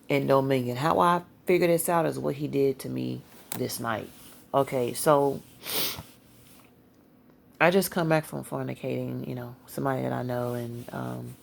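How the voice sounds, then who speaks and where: A tired woman telling a personal religious testimony in a rambling, halting way, full of fillers. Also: very deep voice, creaky. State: tired, yawning. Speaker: Christian testimony speaker.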